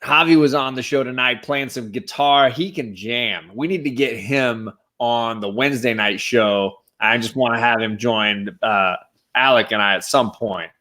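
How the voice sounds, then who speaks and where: Man, casual live-stream chat, excited shout-outs, mid-pitched voice. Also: measured pace. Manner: enthusiastic, animated shout-outs. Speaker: guest co-host.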